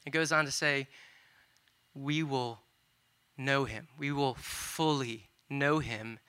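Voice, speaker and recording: Bright-voiced man preaching a casual sermon. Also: mid-range voice, slow, clean tone. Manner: conversational, animated, retells scripture casually with asides.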